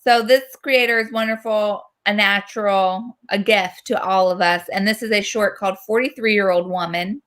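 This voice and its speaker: A woman's voice: mid-range voice, steady tone, moderate pace, hardly any pauses, fairly bright tone. A woman co-hosting a film festival, chatty and rambling with enthusiasm. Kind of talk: casual chat.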